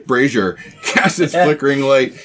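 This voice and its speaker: A man's voice: on the low side, moderate pace, a little hiss or hum. A man running a tabletop game as game master, describing the scene with frequent fillers like "um" and "like".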